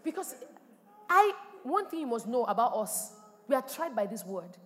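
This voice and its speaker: A woman pastor, preaching a sermon with animated delivery and sudden loud exclamations. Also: fairly high pitch, normal speed, in a large hall. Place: church hall.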